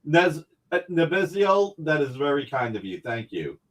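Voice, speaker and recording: On a casual live stream, a comics publisher selling original art goes over prices and payment options, repeating the same terms as he rambles through them in a businesslike way. His voice is a little high for a man, sing-song, and at normal speed, like a seller walking buyers through a deal. The recording quality is low.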